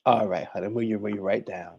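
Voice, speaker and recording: A man's voice: lowish voice, fairly even intonation, fast, vocal fry, a little mellow, breathy edge, dry recording, dull audio. A man hosting a casual livestream, chatting and teaching, greeting viewers by name and calling everyone honey. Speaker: livestream host and conjure teacher.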